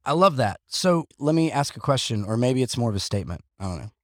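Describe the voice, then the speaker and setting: Animated man hosting a podcast, dry sound. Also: mid-range voice, quick pace, dry recording. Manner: animated, joking, sarcastic asides. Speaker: podcast host. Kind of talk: casual podcast discussion.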